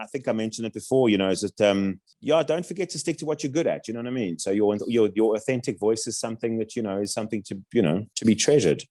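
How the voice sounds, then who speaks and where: A South African man talks quickly in a lowish voice. He is a voice-over coach chatting in an interview, rambling, restarting his sentences and tossing in "you know what I mean" as he goes. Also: mellow. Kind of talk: casual interview chat.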